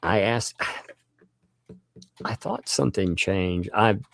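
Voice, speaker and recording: A man's voice: on the low side, extremely slow, creaky. A man hosting a livestream, chatting casually, thanking viewers and laughing often. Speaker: livestream host.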